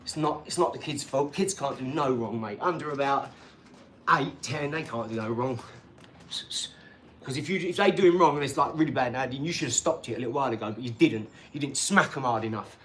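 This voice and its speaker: A man's voice: mid-range voice, a little fast, a little hiss or hum. A man, talking casually on a live stream in a rambling, cheeky way and laughing between his remarks.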